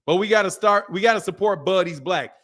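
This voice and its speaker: Hosting a boxing livestream, this man has a high, slightly quick, somewhat bright voice. He chats casually, laughs a lot, and imitates other people while giving commentary and reading out super chats.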